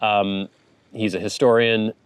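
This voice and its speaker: A rambling, chatty man with a somewhat low voice hosts a casual show and reads viewer comments aloud. He laughs often and wanders from point to point. The recording is dry and close, with no room sound. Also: level tone, unhurried, clean tone, dry recording. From United States. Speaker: host reading viewer comments. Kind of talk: casual chat.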